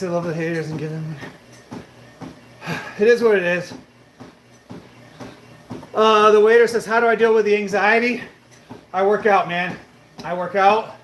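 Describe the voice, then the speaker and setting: This man's voice is high with a fairly bright tone as he casually answers viewers' questions on his fitness live stream. He curses without hesitation and calls them bro and brother, and the echoey room carries faint background noise.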